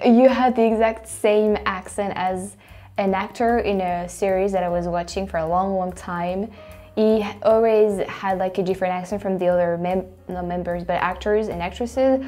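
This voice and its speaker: A native French speaker with a French accent hosts a vlog, thinking aloud with lots of restarts and fillers. Her voice is medium-pitched and mellow, suited to casual commentary.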